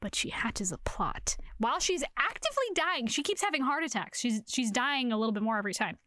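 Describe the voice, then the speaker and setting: A woman's voice: on the high side, a little fast. A young woman co-hosting a podcast, casually recapping a romance novel, swearing and acting out the characters as she goes. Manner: animated storytelling, acts out characters, swears, laughs often. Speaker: podcast co-host. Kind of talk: casual book recap chat.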